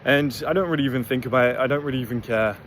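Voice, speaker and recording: Speaking very fast in a medium-pitched, somewhat bright voice, a man hosts his own motivational channel with a blunt, rambling, profane talk to camera. Slight background noise is audible.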